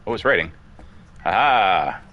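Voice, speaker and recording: A man streaming his play chats casually through a ghost-hunting game, musing aloud and calling out questions to the ghost. His voice is low-pitched with lively intonation, and he speaks at a measured pace. The sound is lo-fi.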